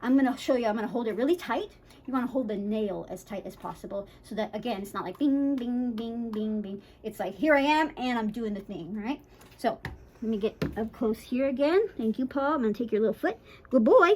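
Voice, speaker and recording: A woman with a fairly high voice explains, step by step, how to trim a dog's nails. She talks in a chatty, reassuring way, keeps checking in with "right?", and now and then acts out a frightened dog. It sounds like an easygoing grooming lesson filmed indoors. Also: lively intonation, darkish tone, a little hiss or hum, low-quality recording. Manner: playfully acts out a scared dog in quick voices. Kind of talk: casual how-to demonstration.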